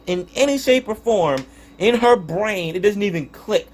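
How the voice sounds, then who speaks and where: A young man reviews a show in a loose, exasperated rant, full of swearing and stumbling restarts. His voice sits somewhat high for a man and swings widely up and down as he talks. He sounds fed up. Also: animated, measured pace, darkish tone. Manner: profane, exasperated ranting with frequent restarts. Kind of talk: casual spoken review.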